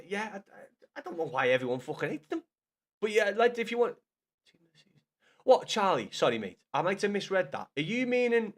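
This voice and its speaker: Sweary young man streaming. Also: a little high. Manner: blunt, sweary banter, teasing chatters. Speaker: livestreamer. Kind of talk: casual live-stream chat with viewers.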